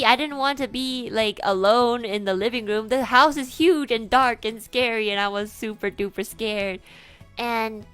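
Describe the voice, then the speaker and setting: A young woman telling a personal story to a live audience, rambling and animated, full of fillers and restarts, jumping from hushed asides to loud outbursts. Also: a little high, moderate pace, clean tone, no echo, faint music behind. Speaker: streamer.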